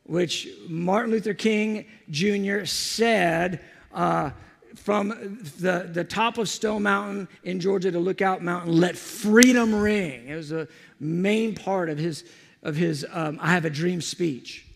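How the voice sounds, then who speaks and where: Male preacher, high and gravelly, animated storyteller. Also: a little slow, big-room sound. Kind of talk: storytelling sermon.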